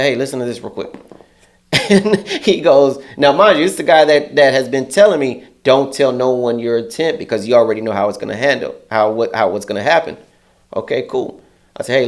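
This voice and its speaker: A male interview guest speaks at normal speed in a mid-range voice, telling an animated story in casual, profane language. When he acts out what other people said, his voice rises and grows heated.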